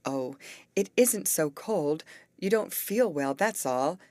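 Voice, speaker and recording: A woman voicing a brisk, bossy teenage girl who leads her friends and coaxes them along. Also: low voice, expressive, mellow, no room sound. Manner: brisk and coaxing.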